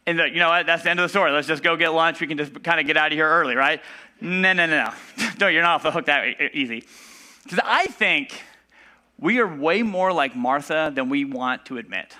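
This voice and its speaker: A man's voice: fairly high pitch, animated, normal speed, bright, forceful tone. A man preaching a casual sermon in a church, talking conversationally with fillers and acting out the people in the story. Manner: conversational, filler-heavy, acts out voices of Bible figures. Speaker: pastor.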